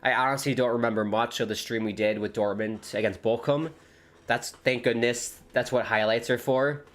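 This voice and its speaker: A man chatting casually on a live football watchalong stream, rambling between excited reactions to the match. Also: mid-range voice, moderate pace.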